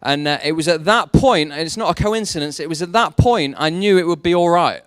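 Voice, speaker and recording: Jokey young preacher, smooth voice. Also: male voice, on the high side, fairly quick, no echo, studio quality. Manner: jokey, self-deprecating storytelling. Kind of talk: sermon with personal stories.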